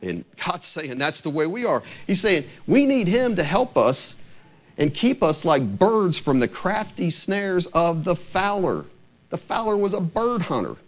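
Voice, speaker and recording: Preaching in a church sanctuary, a male pastor uses a fairly high voice with big pitch swings. He throws rhetorical questions at the congregation, then reads scripture in a lower, slower tone.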